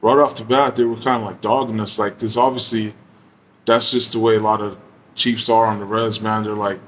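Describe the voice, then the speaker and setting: A man telling a story in a relaxed, casual way, full of slang, swearing and fillers like "you know". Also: on the low side, a little fast. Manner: laid-back, slangy and profane, heavy use of fillers.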